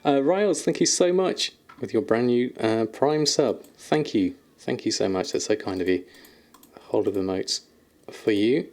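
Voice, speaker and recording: A man's voice: medium pitch, animated, normal speed, a little mellow. A man streaming from home, chatting casually with viewers and cooing affectionately at his kittens, laughing often. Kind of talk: casual live-stream chat. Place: at home, indoors.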